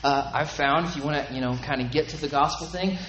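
A man's voice: on the high side, fast talker, a bit bright, lo-fi sound, a little hiss or hum. Conversational man preaching a sermon. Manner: conversational preaching, asks the congregation for agreement. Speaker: pastor.

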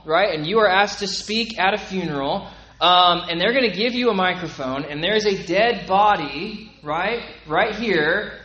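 A man's voice: sits high, a bit bright, a little hiss or hum, poor audio. A man preaching a sermon to his congregation in a conversational way, often asking them if they agree. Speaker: pastor.

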